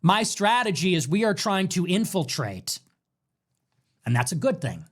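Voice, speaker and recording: Animated high-voiced man ranting. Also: measured pace, slightly rough. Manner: mocking, quotes critics in exaggerated voices. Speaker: political livestream host. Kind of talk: casual ranting commentary.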